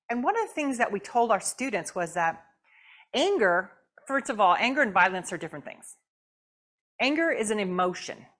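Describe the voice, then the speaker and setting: A woman's voice: mid-range voice, a bit bright. A woman guest speaker giving a conversational sermon in church. She asks the audience questions and acts out the voices she quotes. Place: church sanctuary.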